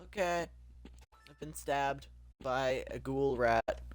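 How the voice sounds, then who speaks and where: A man's voice: medium pitch, slow. A young man casually commenting on his own gameplay, joking and exclaiming as he goes. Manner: jokey, exclaiming, talking to himself. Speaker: streamer.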